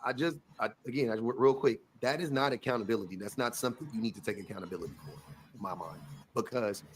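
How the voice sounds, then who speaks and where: A man giving casual, blunt reaction commentary on a clip, profane and animated, stumbling and restarting often. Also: mid-range voice, a little hiss or hum.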